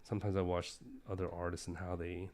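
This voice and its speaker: A man's voice: low-pitched, level tone, fast talker, darkish tone. A man livestreaming while he sketches, rambling casually with lots of fillers and self-deprecating asides.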